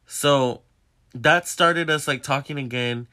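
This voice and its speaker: A young man vlogging, telling a personal story in a candid, profane, animated way straight to his viewers. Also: fairly high pitch, unhurried. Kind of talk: casual confessional storytelling.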